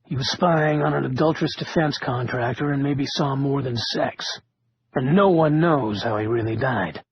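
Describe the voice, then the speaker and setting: A man voicing a calm, firm group leader who speaks in a measured, warning tone, on a muffled lo-fi recording. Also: medium pitch, a little hiss or hum, close to an everyday voice. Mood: grave.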